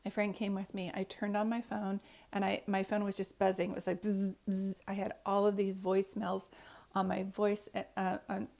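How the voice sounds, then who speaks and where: Woman psychic medium, storyteller; mellow, low-key, flat delivery, earnest and rambling. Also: normal speed, gravelly. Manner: earnest, rambling, many restarts. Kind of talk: personal storytelling to camera.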